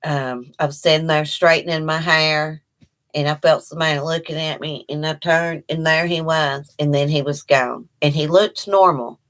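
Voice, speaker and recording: Her voice sits low and slightly bright, with fairly even intonation and a moderate pace. She's a livestream host from Eastern Kentucky with an Appalachian accent, chatting folksily from home, reading viewers' comments aloud, laughing often, and speaking to her dog.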